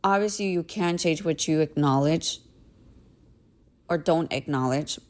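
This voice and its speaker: Speaking at a measured pace in a low voice, a thirtysomething woman hosting a podcast recounts a personal story. It's a casual storytelling monologue, candid and emphatic, peppered with swearing and repeated "right?"s.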